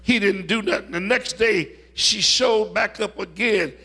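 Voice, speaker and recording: Male preacher, high raspy bright voice, slow delivery, swells into shouting. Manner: storytelling, building to loud shouted climaxes. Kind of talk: sermon.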